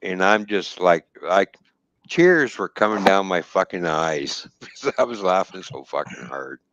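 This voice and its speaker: Male trucker, low voice with a wide swing, salty casual storyteller, dry lo-fi mic. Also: a little slow, dry recording. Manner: profane, laughing, animated retelling with quoted dialogue. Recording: dull lo-fi dry stream audio.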